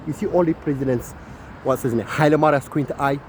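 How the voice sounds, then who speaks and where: A man from the Horn of Africa, giving a rambling ranting monologue that keeps repeating "my friend" and swings between loud and soft. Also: a little high, a little fast, a little hiss or hum.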